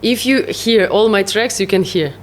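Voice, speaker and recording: Russian-accented woman, halting and laughing. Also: medium pitch. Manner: halting, searching for English words, laughs often. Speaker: psytrance producer, guest. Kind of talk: casual interview chat.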